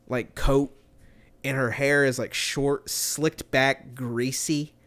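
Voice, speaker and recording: A man's voice: mid-range voice, level tone, takes it slowly, a bit bright. A young man telling a rambling, swearing story about a coworker in a casual podcast chat. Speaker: podcast co-host.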